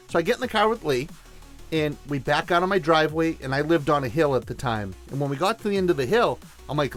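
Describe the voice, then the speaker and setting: A man hosting a podcast, telling stories in an animated, conversational way and acting out the quotes. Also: fairly high pitch, fast talker, soft background music. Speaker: podcast host. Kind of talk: podcast storytelling.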